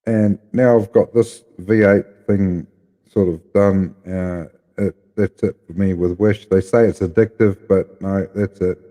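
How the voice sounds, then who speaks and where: A New Zealand man talks to his viewers in a loose, rambling way, blunt and unpolished. His voice sits a little low, with a dark, mellow tone. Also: fairly even intonation, a little slow. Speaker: live streamer. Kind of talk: casual chat to viewers.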